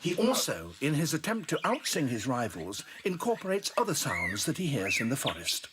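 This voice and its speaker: A man narrating a nature documentary in a hushed, measured way, played as an archive clip. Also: mid-range voice, huge pitch swings, noisy background.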